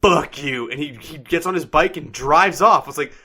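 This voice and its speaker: A young man co-hosting a casual podcast chat, telling stories with profanity and loud acted-out quotes. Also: fairly high pitch, brisk, husky. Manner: animated storyteller, profane, acts out angry quotes. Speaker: podcast co-host.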